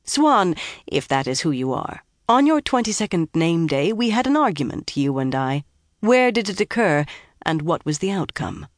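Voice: medium pitch, very animated, normal speed, no room sound, studio quality. An audiobook narrator voicing a kindly, motherly woman whose patience is wearing thin. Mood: firm, kindly.

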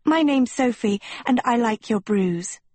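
A woman voicing a vain, preening teenage girl who would be princess, sweetly haughty and scornful, with a husky voice. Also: high-pitched, big pitch swings, a little slow, a little mellow, dry recording, pitched above the performer's own voice, full character voice. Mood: sweetly coy.

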